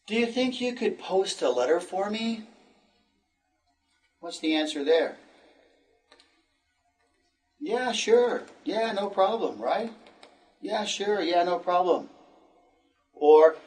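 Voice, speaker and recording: Guy teaching english, kinda high voice, bit far off the mic, repeats stuff slow and encouraging. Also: lively intonation, a little mellow. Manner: encouraging, repeats phrases slowly for learners. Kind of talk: recorded English lesson.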